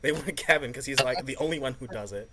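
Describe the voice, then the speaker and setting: A host reacting to a cartoon episode, ranting in an animated way and laughing often. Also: medium pitch, quick pace, a loud crowd. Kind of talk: reaction video commentary.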